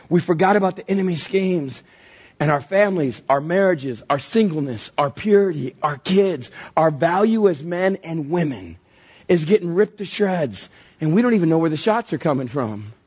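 A middle-aged pastor delivers a lively sermon, jumping into acted-out voices as he tells his stories. His voice is husky and sits a little high for a man. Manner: animated storytelling with acted-out voices.

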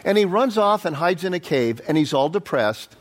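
A man preaching a conversational Bible-study sermon, quizzing the audience and voicing quotes with animated leaps. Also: moderate pace. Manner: animated, jumps up in pitch for quotes. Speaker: pastor. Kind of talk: sermon, verse-by-verse Bible teaching.

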